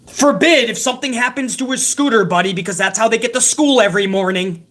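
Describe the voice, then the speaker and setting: A man's voice: extremely high pitch, fast, fairly bright tone. A man tears through a wrestling show recap with heated, sarcastic outrage. He swears constantly and sounds fed up at every turn. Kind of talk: profane ranting show recap.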